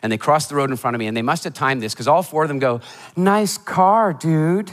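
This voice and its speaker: A motivational speaker telling funny stories in a keynote talk before a live audience, animated and acting out the voices of people in his stories. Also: mid-range voice, racing. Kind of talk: humorous storytelling keynote talk. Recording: hall reverb of a live talk.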